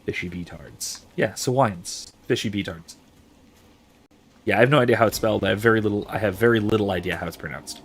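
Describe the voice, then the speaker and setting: A game streamer chats casually while playing a fantasy game, reading viewer messages aloud and musing over which skills to pick. He has a fairly low, slightly rough voice and talks briskly.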